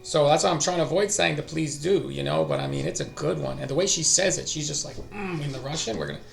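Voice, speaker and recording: A man's voice: fairly high pitch, quick pace, vocal fry, over music. A middle-aged man hosting a language-learning stream, talking casually and thinking aloud, often trailing off and restarting. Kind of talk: casual live-stream talk.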